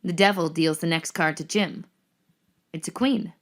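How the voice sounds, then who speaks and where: A woman narrating the action lines of a screenplay reading in a measured, descriptive way. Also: on the low side.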